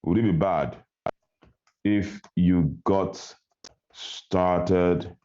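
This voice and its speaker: A man's voice: low voice, steady tone, extremely slow, mellow, muffled recording. A man on a video call, giving a fiery, repetitive motivational talk to his team about his business. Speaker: network marketing trainer.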